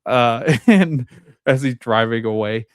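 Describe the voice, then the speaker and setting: A young man giving a casual, animated recap of a TV episode as a podcast host, laughing often and acting out lines. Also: medium pitch, slow, dry recording, studio quality.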